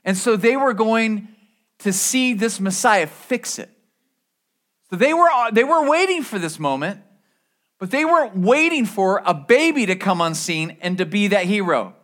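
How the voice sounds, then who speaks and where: A man's voice: high voice, animated, measured pace, a bit bright. A man preaching a sermon as pastor, in a conversational way with asides and restarts.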